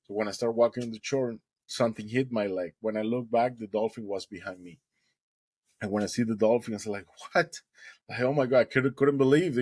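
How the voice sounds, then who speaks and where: Man, interview guest, animated storytelling, husky voice, dry sound. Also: lowish voice, no room sound, poor audio. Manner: animated, acts out dialogue.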